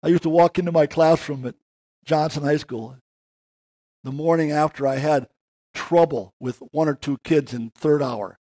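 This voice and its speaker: An older man giving an earnest sermon, slowing down and rising in pitch to stress key words. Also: dark tone. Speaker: preacher.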